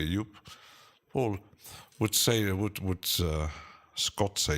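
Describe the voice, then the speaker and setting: A man with a low voice hosts a relaxed live stream. He talks very slowly, with many pauses and fillers, and chuckles now and then as he answers chat.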